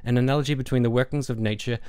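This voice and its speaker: A man's voice: medium pitch, fairly even intonation, very fast, a little mellow, clean tone. A man ranting on a vlog in an angry, sarcastic, heavily profane way. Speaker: YouTuber.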